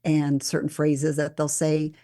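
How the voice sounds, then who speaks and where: A woman's voice: low voice, unhurried. A woman from Minnesota, a former meteorologist, chatting as a guest and acting out quotes as she tells stories. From Minnesota, USA. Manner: animated storyteller who acts out quotes. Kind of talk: casual interview conversation.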